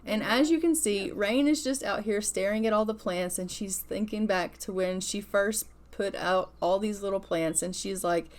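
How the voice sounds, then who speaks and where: A woman's voice: medium pitch, normal speed, few pauses. A woman narrating her life-simulation game in a chatty, casual let's-play style, retelling each scene as it happens. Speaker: gaming creator.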